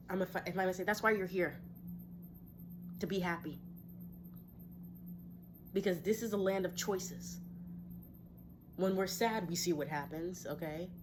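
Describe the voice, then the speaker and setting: A woman with a fairly low voice speaks reflectively and encouragingly as a tarot reader, pausing to sigh or laugh softly. A faint hum of ambience sits behind her. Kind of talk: casual spiritual talk to viewers. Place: her home.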